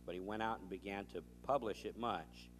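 A man preaching, telling a story with animated dialogue and reading scripture. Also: lowish voice, brisk, faint music behind. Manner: animated storytelling, acting out both sides of a dialogue. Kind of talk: sermon with anecdotes.

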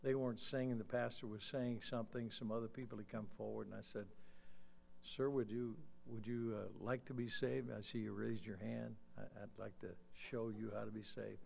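Older guy preaching in a church, tells a story then gets loud and fired up. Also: lowish voice, flat delivery, moderate pace, vocal fry, a little hiss or hum. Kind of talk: sermon with altar call. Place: church sanctuary.

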